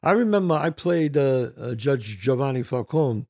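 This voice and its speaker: A man's voice: mid-range voice, moderate pace, no room sound, studio quality. A man hosting a casual interview podcast, telling stories with animation and acting out what people say. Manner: animated storyteller, acts out quoted lines. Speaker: podcast host.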